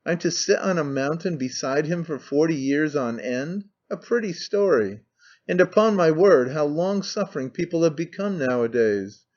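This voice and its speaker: A fearful, half-mad woman speaking in a brooding, uneasy way, slipping into scorn, as a man reads her lines. The voice sits a little high, and the recording is dull and lo-fi. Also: animated, moderate pace, darkish tone. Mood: scornful. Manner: anxious, brooding, turning scornful.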